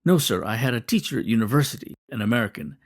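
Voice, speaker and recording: A man's voice: medium pitch, animated, fast talker, close to an everyday voice. A man voicing an earnest young male immigrant photographer who speaks carefully and deferentially. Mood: polite.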